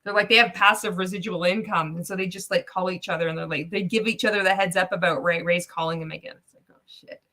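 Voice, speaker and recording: A woman's voice: lowish voice, steady tone, fast talker, hardly any pauses, bright, forceful tone. A woman hosting a casual live-stream reaction, sarcastic, swearing freely and laughing often as she comments. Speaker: livestream reaction host.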